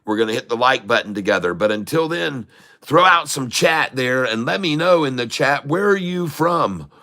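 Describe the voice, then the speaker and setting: A man's voice: medium pitch, expressive, normal speed, bright, forceful tone. A middle-aged man hosting a live day-trading stream, upbeat, greeting viewers and reading out their chat messages. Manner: upbeat, reads out viewer comments, hypes the audience. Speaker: day-trading livestream host.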